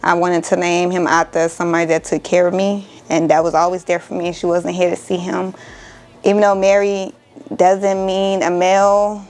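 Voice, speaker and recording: A woman's voice: on the low side, level tone, normal speed, darkish tone, low-quality recording. A young woman from Miami, a crafting vlogger, chatting casually and emotionally to her viewers, exclaiming often and calling them y'all.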